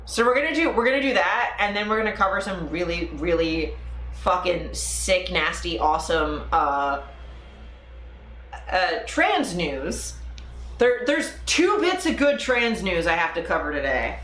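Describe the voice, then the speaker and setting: Animated, profane woman streamer. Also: lowish voice, unhurried. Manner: profane, animated, talks to chat viewers. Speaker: livestream host. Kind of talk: casual live-stream chat. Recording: echoey room with faint ambient noise.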